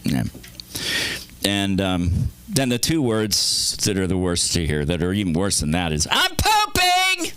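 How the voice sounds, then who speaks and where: A man's voice: low-pitched, unhurried, fairly bright tone. A man doing rambling, crude stand-up at an open mic, acting out bits of his stories. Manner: rambling, crude, act-outs with big voices. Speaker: stand-up comedian.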